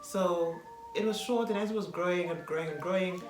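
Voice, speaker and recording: A woman from South Africa tells her stories in a lively, animated way, with laughs mixed in. She sounds like she is in a roomy, echoing space. Music plays clearly behind her. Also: on the low side, brisk. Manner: animated storytelling, laughs often. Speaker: vlogger. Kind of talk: casual chat.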